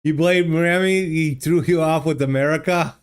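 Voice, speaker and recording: A man live-streams a geography guessing game through a desk microphone, thinking aloud, musing, and casually answering viewers' chat. His voice is a little high and smooth, at a moderate pace.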